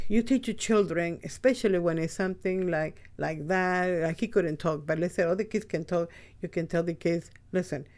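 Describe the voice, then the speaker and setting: A podcast host talks in a loose, rambling monologue with a gravelly, creaky edge to the voice. The delivery is blunt and peppered with swearing, stopping and restarting mid-thought. The pitch sits in a middle range. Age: adult with a child. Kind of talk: casual spoken monologue.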